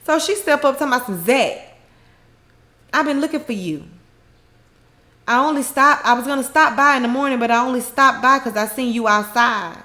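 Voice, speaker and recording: A woman's voice: sits high, moderate pace, long pauses, pushed and bright. A woman casually recapping a TV episode, retelling scenes in her own words with slang and frequent laughter. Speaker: recap host.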